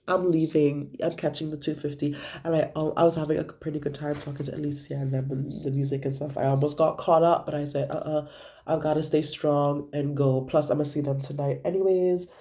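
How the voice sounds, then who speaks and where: A man's voice: a little high, flat delivery, brisk, warm tone. A young man vlogging about his week in a gossipy, profane way, acting out what friends said. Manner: gossipy, profane storytelling with acted-out quotes. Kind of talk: casual chat.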